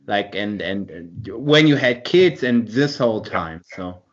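A man's voice: on the low side, animated, measured pace, muffled recording. A man hosting an interview, asking hesitant, stammering questions. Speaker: host.

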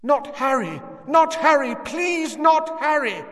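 A man's voice: very high voice, animated, slow pace, a bit bright, long reverb tail, pitched above the performer's own voice, full character voice. A man voicing a desperate young mother who frantically screams and begs for her child's life, in a fan audiobook reading. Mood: desperate pleading.

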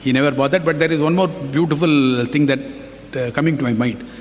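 Man, devotional talk, earnest storytelling, slightly high voice, long hall reverb. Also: fairly even intonation, brisk. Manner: earnest, anecdotal, quotes others. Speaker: devotional speaker.

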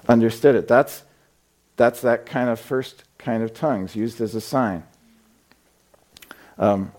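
A man's voice: fairly low pitch, mellow. A man preaching a sermon in a conversational, storytelling way, with frequent fillers. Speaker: pastor. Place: church sanctuary.

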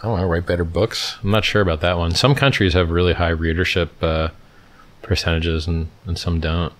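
A man's voice: low voice, fairly even intonation, a little fast. A middle-aged man hosting a livestream, reading out and answering chat questions in a blunt, offhand, casual way. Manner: blunt, offhand, lots of "like" and "dude".

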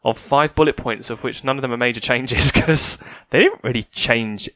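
A man co-hosting a casual hobby podcast, animated and teasing, explaining things at length. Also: medium pitch, moderate pace, no room sound. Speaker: podcast co-host.

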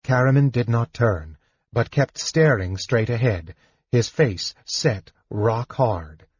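A man narrating a fantasy audiobook in a measured, expressive storytelling manner. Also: mid-range voice, husky, no room sound. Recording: dull lo-fi dry recording.

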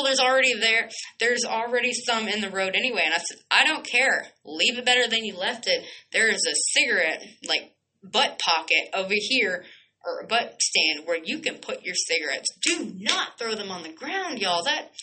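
A young woman hosting a radio show launches into a heated solo rant, swearing bluntly and firing off rhetorical questions. Her medium-pitched voice sounds pushed and bright, and the recording quality is low.

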